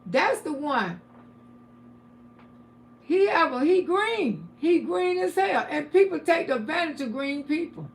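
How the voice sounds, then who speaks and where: Older woman, livestream host. Blunt, preachy, prone to shouting, high gravelly voice. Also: big pitch swings, slow pace. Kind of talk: casual livestream commentary, reading chat.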